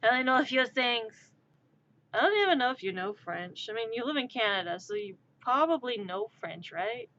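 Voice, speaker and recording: A woman's voice: a little high, fairly bright tone, a little hiss or hum. Rambling woman streamer, lo-fi audio. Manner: rambling, heavy use of "like". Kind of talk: casual live-stream chat.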